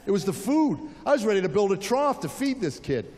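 A man in his fifties performing a stand-up comedy routine, telling animated stories and acting out the people in them. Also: high-pitched, fairly quick. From United States. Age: 50s. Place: stage in a large venue. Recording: live show in a big hall, audience and room noise behind. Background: audience laughing and applauding.

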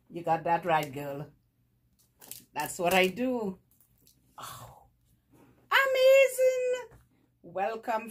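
A woman vlogger opening fan mail, effusive and laughing, repeating her praise over and over. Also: on the low side. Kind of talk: casual unboxing chat.

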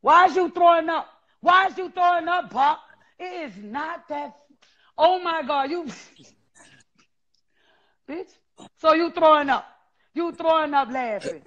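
A man, telling stories loudly and profanely in a casual chat. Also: very high-pitched, a little slow, long pauses. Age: 40s. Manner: loud, profane, animated storytelling. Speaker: guest. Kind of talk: casual live-stream chat. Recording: dull lo-fi sound.

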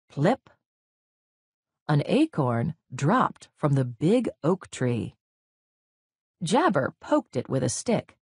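A woman reading a children's story aloud very slowly for young learners, with a husky voice. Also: low voice, big pitch swings, darkish tone, no echo, clean studio sound. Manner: very slow, clearly paced for learners.

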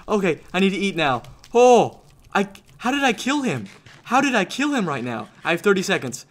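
Gaming host, male, high bright voice, excitable play-by-play, desk mic at home. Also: brisk. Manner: excitable, talks to his dog and viewers. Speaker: gaming YouTuber. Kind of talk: live gameplay commentary.

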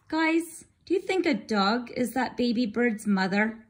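A woman reads a children's picture book aloud at an unhurried pace, her voice sitting fairly high. She often stops to speak directly to her young listeners. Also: expressive. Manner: slow, chatty asides to listeners. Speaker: storyteller reading to children. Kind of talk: read-aloud storytelling for kids.

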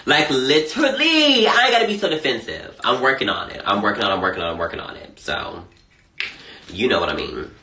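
A man chatting casually on a phone livestream, sassy and animated, swearing a lot. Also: medium pitch, fairly quick. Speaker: social media personality. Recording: echoey room, faint noise.

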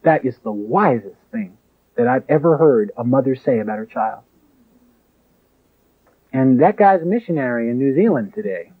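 A man preaching a sermon in an emphatic way, with sharp rises and drops. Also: mid-range voice, lively intonation, normal speed, pauses often. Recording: tinny phone-like lo-fi recording.

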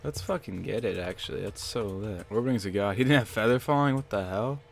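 A young man commentating his own game, excitable and swearing, with bursts of loud disbelief, on a headset mic at his computer. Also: fairly low pitch, fairly quick, vocal fry. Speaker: gaming channel host. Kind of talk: Let's Play commentary.

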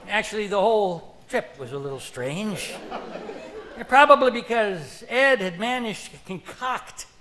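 Slow, bright-voiced man telling a comic tale. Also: high voice. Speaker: comedic storyteller. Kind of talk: one-man stage comedy monologue.

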